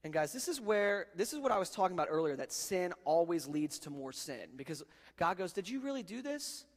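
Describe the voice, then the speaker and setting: A man's voice: fairly high pitch, brisk, big-room sound. A man preaching a sermon in a casual, joking way, calling his listeners guys and dude. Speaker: pastor.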